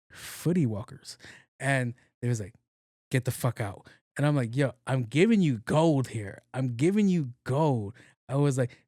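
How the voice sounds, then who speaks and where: A man's voice: mid-range voice, a little mellow, dry recording. Guy on a podcast cracking jokes and swearing a lot, voices everyone in his story, dry close sound. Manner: profane, joking, acts out dialogue. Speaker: podcast host. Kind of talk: casual storytelling.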